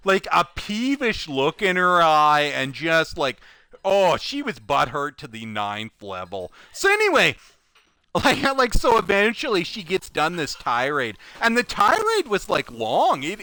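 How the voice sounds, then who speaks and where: A man casually telling an anecdote from his job, animated and full of "like", laughing as he goes. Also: on the high side, no echo. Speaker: recycling plant worker telling a story.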